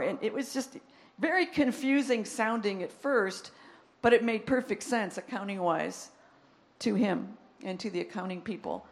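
A woman's voice: mid-range voice, moderate pace. A woman telling a personal testimony, animatedly acting out both sides of phone calls. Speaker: church member giving a testimony. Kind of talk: testimony storytelling.

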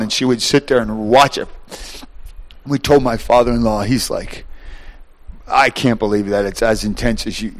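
A middle-aged man preaching a sermon, animated, shouting at times, acting out voices and laughing. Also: medium pitch.

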